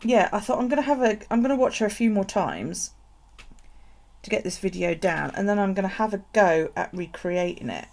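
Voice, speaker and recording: A woman's voice: medium pitch, a little fast, vocal fry, darkish tone. A woman chatting casually while crafting on a live stream, rambling, swearing freely and laughing at herself. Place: home craft space.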